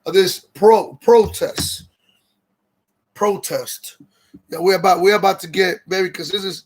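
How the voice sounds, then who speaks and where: High-voiced man ranting on a livestream. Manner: repetitive, greets viewers, gets heated and incredulous. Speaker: livestream host. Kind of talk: casual livestream commentary.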